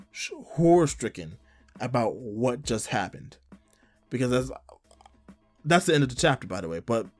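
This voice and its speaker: A man recapping a manga chapter in a casual way, retelling each scene and slipping into quick quoted lines. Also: mid-range voice, a little mellow.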